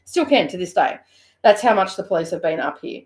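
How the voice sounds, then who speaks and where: A woman with an Australian accent telling a funny story in a chatty, animated way, breaking into laughter. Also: on the low side, fairly quick. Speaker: host. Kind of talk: casual storytelling.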